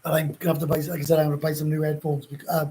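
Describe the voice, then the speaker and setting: A Welsh man with a gruff voice, hosting a casual live chat and answering viewer comments in a rambling, blunt way with frequent swearing. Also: fairly high pitch, flat delivery, very fast, dark tone, low-quality recording. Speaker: livestream host.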